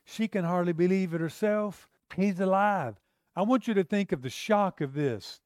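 High-voiced preacher acting out scenes. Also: male voice, moderate pace, a little mellow, no echo, studio quality. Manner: conversational, acts out the disciples' lines in character. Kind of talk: sermon.

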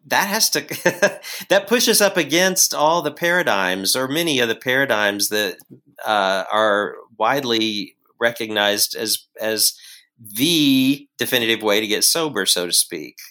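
Interviewer feeling for the words, real slow, bright tone. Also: mid-range voice, animated. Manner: halting, searching for words. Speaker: host. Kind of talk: interview questions.

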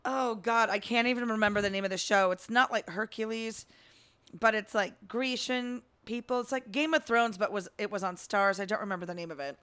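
Bright, animated woman telling a story. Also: medium pitch, brisk, clear, resonant tone. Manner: animated storyteller, acts out quotes. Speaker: podcast co-host. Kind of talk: casual chat.

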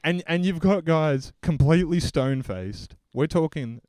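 A man's voice: on the high side, normal speed, clear, resonant tone, no room sound. An Australian man co-hosting a podcast in casual chat, ranting and often breaking off to restart a thought. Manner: animated ranting, self-interrupting. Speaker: podcast co-host.

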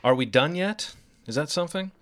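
A man's voice: a little high, lively intonation, brisk, a bit bright. A man co-hosting a podcast in casual movie chat, playful, spinning absurd riffs and reading lists aloud. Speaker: podcast co-host.

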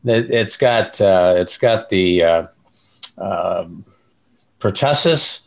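Halting older man, low voice. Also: animated, vocal fry, a little mellow. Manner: halting, searching for words. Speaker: broadcast engineer, co-host. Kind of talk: casual podcast chat.

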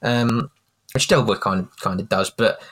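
Low-voiced man retelling sitcom scenes. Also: normal speed, fairly bright tone. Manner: retells scenes, quoting the lines. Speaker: podcast co-host. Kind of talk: casual chat.

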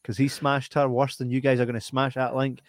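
A man's voice: medium pitch, level tone, brisk, dry recording. Scottish podcast host, young man, sweary, laughs a lot, dry close-mic sound. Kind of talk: casual chat.

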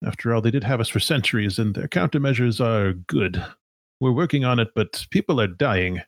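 A man voicing a calm, practical male giant AI ship who speaks in a brisk, matter-of-fact way in a tabletop game. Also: medium pitch, dry recording, studio quality, close to an everyday voice.

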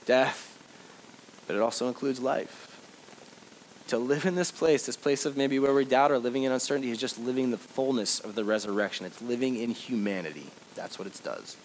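A pastor giving a sermon, shifting from loud urging to quiet, conversational reflection. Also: male voice, medium pitch, slight background noise, poor audio. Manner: swings from loud exhortation to soft reflection; conversational storytelling with fillers.

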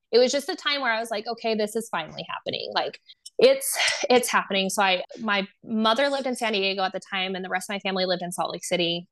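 Here a young adult woman, a guest on the show, shares her own story offhandedly, scattering fillers throughout and voicing the quoted exchanges herself. Her pitch is medium and the tone slightly bright.

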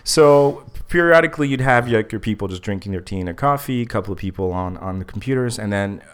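Lively man telling a story. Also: on the low side, quick pace, smooth. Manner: animated, acts out dialogue, laughs often. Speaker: comedian guest. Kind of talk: casual storytelling.

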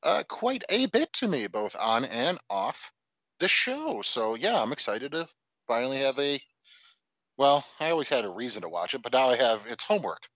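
A man's voice: mid-range voice, very animated, normal speed, fairly bright tone, no echo, muffled recording. A man co-hosting a podcast in casual chat, playful and wry. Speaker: podcast co-host.

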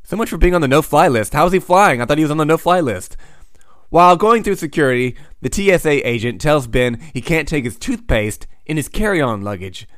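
A man recapping comics with dry, sardonic asides. His delivery swings lively up and down. The recording is dry and close. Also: fairly high pitch, a little fast, dry recording. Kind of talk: sarcastic comic recap narration.

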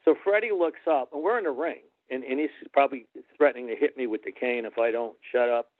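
A man's voice: mid-range voice, fast, no echo. A man, a former wrestling referee, telling stories as an interview guest and acting out the people he quotes. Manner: animated, quotes others in character. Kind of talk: anecdotal interview storytelling. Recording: tinny phone-like line, dry.

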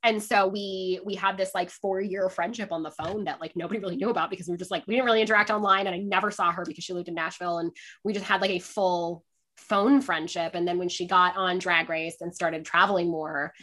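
A young woman telling a story in casual chat, animated, full of "like", often laughing and acting out what people said. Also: lowish voice, quick pace. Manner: animated, acts out quotes, laughs often, says "like" a lot.

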